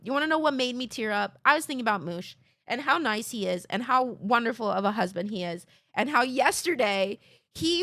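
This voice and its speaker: Young female streamer, bright voice on the high side, rambling and self-mocking, swears freely. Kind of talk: casual chat with chat.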